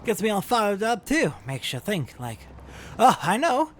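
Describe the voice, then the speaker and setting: A man's voice: high voice, wildly swooping pitch, measured pace, a little hiss or hum, pitched above the performer's own voice, heavily acted. A man doing a rowdy drunk sailor. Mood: drunken rambling. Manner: slurred pirate-style dialect, loud outbursts. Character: drunk rowdy male sailor, boisterous and rambling.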